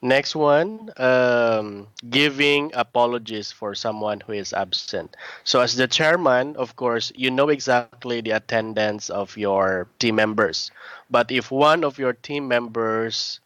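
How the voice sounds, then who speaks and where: A man teaching a one-on-one English lesson, patiently correcting his student's words and often clearing his throat. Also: medium pitch, a little slow, fairly bright tone, dry recording. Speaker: English tutor.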